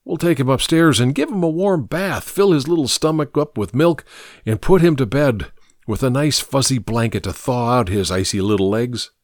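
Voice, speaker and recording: A man voicing a kindly, burly doctor who speaks earnestly and gently. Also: mid-range voice, moderate pace, no echo, clean studio sound, lightly acted. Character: kindly burly doctor, grave and warm-hearted.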